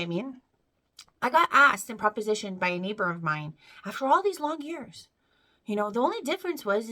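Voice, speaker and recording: A woman's voice: medium pitch, fairly bright tone. A woman in her thirties giving an earnest, rambling spiritual testimony to camera, full of fillers and tearing up as she speaks. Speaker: vlogger sharing a faith testimony.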